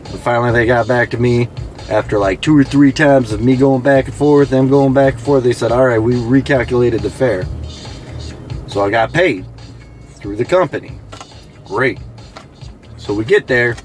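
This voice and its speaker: A man's voice: medium pitch, normal speed, pauses often, a little mellow. A man with a mid-range voice tells his ride share driving stories in a loose, chatty way, full of "you know" and acted-out quotes. He sounds like he is sitting in a car, with faint music playing underneath. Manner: conversational, many fillers, mimics passengers in quoted lines. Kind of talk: casual storytelling.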